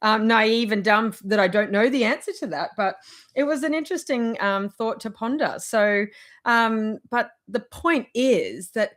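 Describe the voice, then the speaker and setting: A woman's voice: fairly high pitch, animated, normal speed, fairly bright tone. A woman giving casual motivational advice in a vlog, rambling and chatty, with frequent laughs. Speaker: wellness vlogger.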